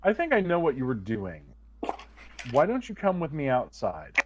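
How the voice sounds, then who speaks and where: A man's voice: fairly high pitch, huge pitch swings, normal speed, muffled recording, background noise. A man voicing a prim, stern vampire woman who speaks curtly and with a threat. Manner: curt, threatening.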